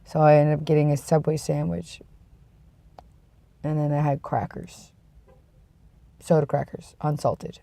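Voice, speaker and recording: Sick, gravelly-voiced vlogger. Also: flat delivery, a little slow, pauses often, mellow. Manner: rambling, self-deprecating, trails off into low mumbles. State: sick with a cold, sniffly and congested; tired and yawning. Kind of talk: casual chat to camera.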